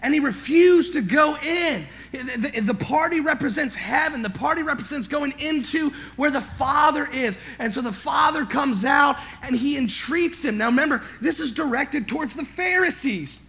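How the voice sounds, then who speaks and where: A man preaching a sermon as pastor, emphatic, swinging from quiet to loud, stammering and repeating words when he gets worked up. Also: extremely high pitch, animated, moderate pace, vocal fry, few pauses.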